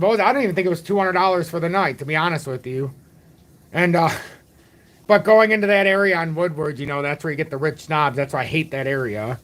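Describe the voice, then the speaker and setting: A man's voice: a little high, fairly bright tone. Rambling jokey man in his forties. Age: 40s. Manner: rambling, jokey, self-deprecating. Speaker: crypto channel host. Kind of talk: casual livestream chat.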